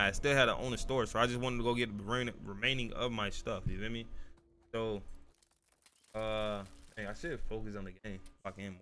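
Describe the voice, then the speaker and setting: A young man streaming a game, rambling through a personal story in a casual, profane way, often asking "you feel me" and getting louder when worked up. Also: mid-range voice, background noise. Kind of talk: casual storytelling while gaming.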